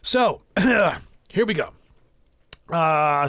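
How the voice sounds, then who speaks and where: A man's voice: on the high side, expressive, fairly quick, no echo, studio quality. A man hosting a paranormal podcast, reading news articles aloud with stumbles and self-mocking asides.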